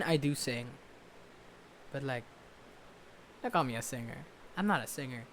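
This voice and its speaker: Young man, high-pitched, loud and rambling, self-mocking bedroom vlogger talking to a laptop camera. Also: a little hiss or hum. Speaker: vlogger and musician. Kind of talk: casual chat to camera. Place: bedroom at home. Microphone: webcam or laptop camera.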